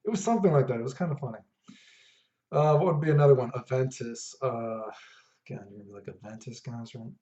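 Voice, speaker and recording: A man's voice: mid-range voice, fast, warm tone. A man casually telling stories to camera about reactions to his fragrances, rambling with lots of fillers and asides. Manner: rambling, laid-back, many fillers and asides. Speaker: fragrance vlogger. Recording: echoey room, dull lo-fi sound.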